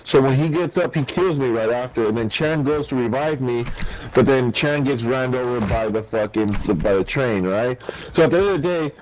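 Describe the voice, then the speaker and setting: A man's voice: medium pitch, normal speed, a little mellow, a little hiss or hum, poor audio. A man in casual gaming chat who rambles and repeats himself while explaining. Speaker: gamer streaming with a friend.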